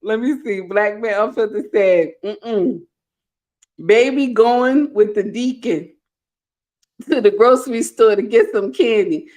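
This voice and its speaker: A middle-aged woman hosting a live stream, reading viewer comments aloud with animated, playful scolding. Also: a little high, unhurried. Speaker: host.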